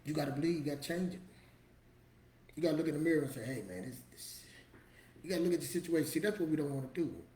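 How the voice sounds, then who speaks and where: A man talks straight to camera, preachy and emphatic, in loose street-casual speech. His voice sits a bit high for a man. The room rings with echo, and a faint hiss runs underneath. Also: very fast, warm tone. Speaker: motivational vlogger. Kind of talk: motivational talk to camera.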